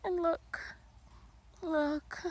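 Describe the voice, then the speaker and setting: A woman giving earnest life advice in a vlog, filmed outdoors in the snow, repeating phrases and swinging between loud and hushed. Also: extremely high pitch, fairly even intonation, drawn-out words. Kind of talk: motivational vlog.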